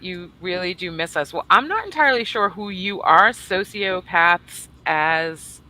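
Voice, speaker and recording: A woman's voice: fairly low pitch, lively intonation, measured pace, hardly any pauses, bright, forceful tone. A woman co-hosting a casual livestream, bubbly and teasing as she greets viewers. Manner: bubbly, teasing, swings between squeals and mutters. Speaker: livestream co-host.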